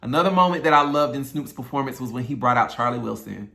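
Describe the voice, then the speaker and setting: A man's voice: medium pitch, lively intonation, quick pace, gravelly, bright, forceful tone. A man hosting his own channel, giving a casual, opinionated recap of an awards show and talking straight to his viewers. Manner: chatty and opinionated, addresses viewers directly. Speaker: YouTube host, singer.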